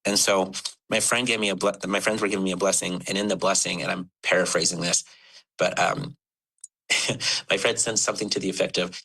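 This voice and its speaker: Deep, gravelly man telling his story haltingly. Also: steady tone, sharp tone, low-quality recording. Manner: halting and earnest, many fillers and restarts. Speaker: podcast guest. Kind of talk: candid personal storytelling.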